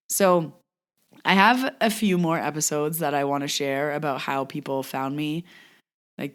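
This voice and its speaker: A woman's voice: deep voice, clean tone. A woman hosting her own podcast, casually telling a story about a client in a chatty way, full of fillers, and acting out what people said. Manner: chatty, filler-heavy, acts out quoted dialogue. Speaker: podcast host and Reiki practitioner. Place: lives in a Canadian mountain town.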